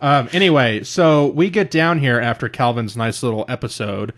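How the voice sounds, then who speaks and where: A male podcast co-host in swearing, casual banter, recounting a grievance in a ranting, exasperated way. His voice sits at an ordinary middle pitch. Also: normal speed, a bit bright.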